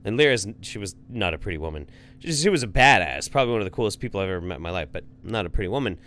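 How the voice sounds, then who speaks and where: Animated man telling a crude story. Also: on the low side, fast. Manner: animated, swears freely, acts out voices in stories. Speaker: podcast co-host. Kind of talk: casual chat, storytelling.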